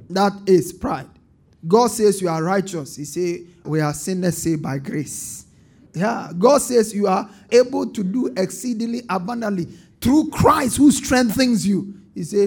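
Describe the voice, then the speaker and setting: A man preaching a sermon as pastor, calling on the congregation to answer and building to emphatic bursts. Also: sits high. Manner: call-and-response preaching with rising emphatic bursts.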